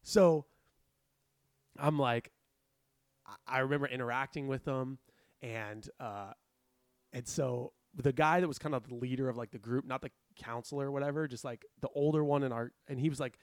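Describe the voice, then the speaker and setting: A young man telling a story in casual chat, animated and laughing often as he acts out quotes. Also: mid-range voice, normal speed, no echo, clean studio sound. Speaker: podcast co-host.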